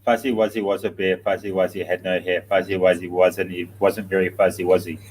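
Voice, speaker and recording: A man's voice: sits low, little pitch movement, fairly quick, darkish tone, a little hiss or hum. A man co-hosting a casual morning livestream, laid-back, mumbling a little and chuckling at himself. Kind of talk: casual chat.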